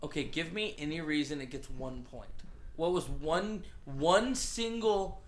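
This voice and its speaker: A man's voice: on the high side, a little slow. A man hosting a casual podcast chat, sardonic, often trailing off and restarting. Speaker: podcast host.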